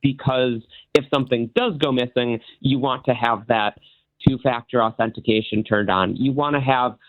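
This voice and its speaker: A man's voice: mid-range voice, fairly even intonation, moderate pace, dry recording. Man on a tinny phone line. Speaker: guest magician. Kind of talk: interview over the phone.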